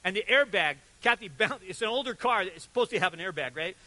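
An older man preaching a sermon, telling animated stories and acting out quotes with sudden loud and soft turns. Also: sits high, fast, poor audio. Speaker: pastor.

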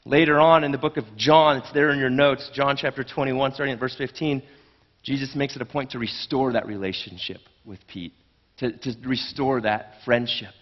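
A man's voice: medium pitch, fairly even intonation, normal speed, big-room sound, dull audio. A man preaching a sermon in an earnest, conversational way, often restarting his phrases. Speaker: pastor.

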